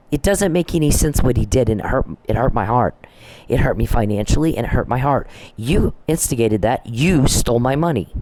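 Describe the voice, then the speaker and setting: A woman's voice: a bass voice, a little mellow, rough recording. A woman speaks straight to the camera in an angry personal rant. She is blunt and swears often, stumbling and restarting as she goes. A faint hiss sits under her voice. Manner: heated, blunt and profane, with frequent restarts. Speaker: vlogger.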